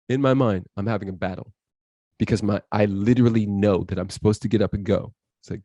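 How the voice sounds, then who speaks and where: Male podcast guest, dark tone, animated storyteller who acts out the voices in his tale. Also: on the low side, fast, no echo. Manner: intense, quotes his inner voice and others.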